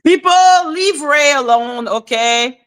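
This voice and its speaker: A woman hosting a casual livestream chat, animated and casual, checking in with viewers with "okay?", laughing often and swearing casually. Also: sits high, slow. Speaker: livestream host.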